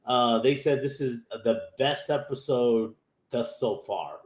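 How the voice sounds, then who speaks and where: Slow and medium-pitched, an anime podcast host from Texas recaps an episode in a loose, wandering way. He performs the characters' dialogue himself, and the room has an echo.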